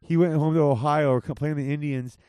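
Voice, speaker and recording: Profane joking podcast host, dry mic. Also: male voice, fairly high pitch, fairly even intonation, fairly quick, mellow, smooth, dry recording. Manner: loose, profane, joking banter. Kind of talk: casual podcast chat.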